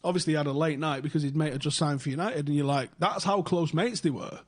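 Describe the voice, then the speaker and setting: A young man talks on a podcast with a slightly husky, raised voice. He swears freely and gets animated as he tells a story. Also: a little high, fast talker. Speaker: podcast host. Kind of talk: casual chat.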